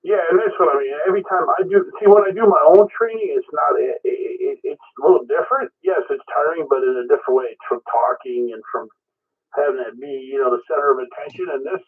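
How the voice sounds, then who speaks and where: A man checking in on a ham radio net, talking casually with many halting restarts. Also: on the high side, husky. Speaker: caller checking in. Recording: tinny radio transmission.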